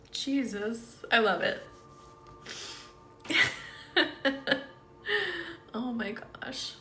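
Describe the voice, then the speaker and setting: Fairly high-pitched and heard in a roomy space with slight background noise, a woman hosts a casual energy-healing livestream. She's sleepy and worn out, chatty as she reads comments, and keeps breaking into giggles.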